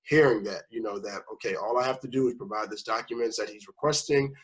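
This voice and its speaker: A man's voice: on the low side, fast, breathy edge, low-quality recording. A man talking casually as a first-time home buyer guest, rambling through his story and acting out the people he quotes. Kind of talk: casual conversation.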